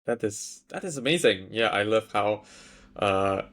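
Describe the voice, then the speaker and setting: A male interviewer with a somewhat low voice keeps the chat casual. He encourages his guest and praises his answers before moving on to the next question. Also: animated, measured pace, fairly bright tone. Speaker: interview host.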